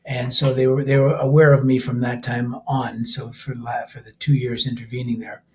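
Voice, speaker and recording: A man's voice: medium pitch, flat delivery, moderate pace, a little mellow. An older man, a rock musician, talking casually as a podcast guest, rambling with frequent restarts and laughing easily. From Canada. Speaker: rock band vocalist and keyboardist, guest. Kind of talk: casual interview talk.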